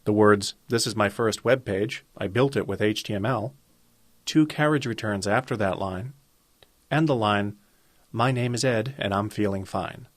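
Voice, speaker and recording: A man teaching a web design lesson in a calm, methodical way, walking through each step of a screen-recorded coding tutorial. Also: lowish voice, moderate pace, dry recording.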